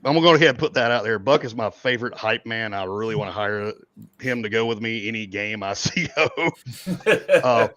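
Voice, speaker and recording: A man's voice: on the low side, expressive, normal speed, a bit bright, dry recording. A man in his forties chatting casually on a livestream, rambling and chuckling as he talks. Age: 40s. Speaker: event organizer. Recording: dull dry lo-fi mic.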